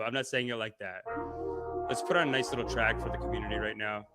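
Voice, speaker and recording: A man's voice: mid-range voice, very fast, bright, forceful tone, faint music behind. A man hosting a livestream as a comedian, rambling through tangents, joking around and reading viewer comments aloud. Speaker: comedian and show host.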